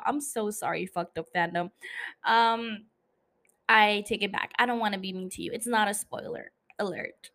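A young woman hosts her own podcast and recaps a TV episode in loose, conversational storytelling. She swears freely and drops teasing asides to her listeners. Her voice sits a little high. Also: normal speed, fairly bright tone. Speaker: podcast host.

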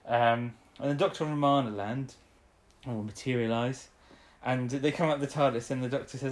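A woman's voice: a bass voice, steady tone, moderate pace. A woman co-hosting a podcast, casually recapping an episode, rambling and laughing often. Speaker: podcast co-host.

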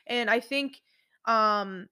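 Young woman, twenties, casual rambling chatter, higher pitch, bright voice, full of "like"s and restarts. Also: very slow, clear, resonant tone, no echo, clean studio sound. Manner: rambling, heavy use of "like", frequent restarts. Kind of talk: casual chat.

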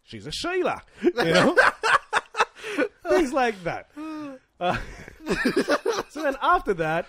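A man's voice: very high voice, huge pitch swings, slow, long pauses, a bit bright, husky. A man telling stories in casual chat, swearing a lot and laughing through his lines.

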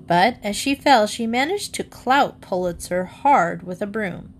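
A woman reading a children's book aloud, with lively storytelling. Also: unhurried. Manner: lively storytelling, raises pitch for the girl's lines. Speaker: reader.

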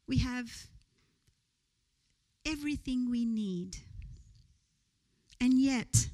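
Slow-speaking high-voiced woman preacher. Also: poor audio. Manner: earnest, builds to rising rhetorical questions. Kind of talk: sermon. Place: church.

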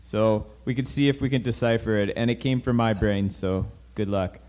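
A male podcast co-host in casual chat, playful and sometimes trailing off quietly. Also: lowish voice, moderate pace.

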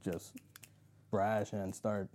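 Man, mellow warm tone, reflective, quick to laugh, casual conversation. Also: fairly low pitch, little pitch movement. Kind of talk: casual chat.

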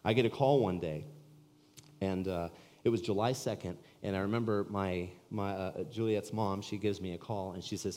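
A man's voice: low voice, fairly even intonation, normal speed, a little mellow. A male pastor from California preaching a sermon in an earnest, conversational storytelling way, in a church sanctuary. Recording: long reverb of a church hall.

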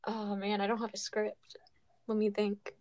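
A woman's voice: medium pitch, completely flat delivery, measured pace, a little mellow. A young woman co-hosting a casual podcast, hesitant with many ums. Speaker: podcast co-host.

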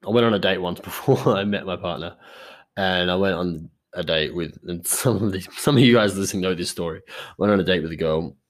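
A young man hosting a podcast, telling stories in a rambling casual monologue full of swearing. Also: low-pitched. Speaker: podcast host.

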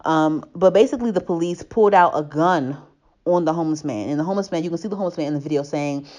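A woman's voice: deep voice, fast, a little mellow. A young woman in casual chat, rambling with many restarts and growing heated as she talks. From family from Tobago.

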